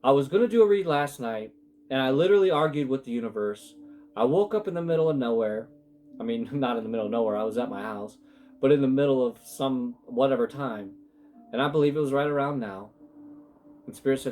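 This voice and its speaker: A man's voice: mid-range voice, a little fast, darkish tone, soft background music. A man giving a casual spiritual tarot reading, emotional and rambling, often breaking off mid-sentence. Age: adult with sons. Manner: emotional, rambling, self-interrupting. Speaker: tarot reader.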